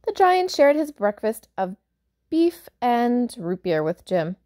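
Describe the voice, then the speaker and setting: A woman reading a picture book aloud for children, pausing to explain words and point out pictures. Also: on the high side, big pitch swings. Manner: warm, explaining asides to young listeners. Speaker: storyteller.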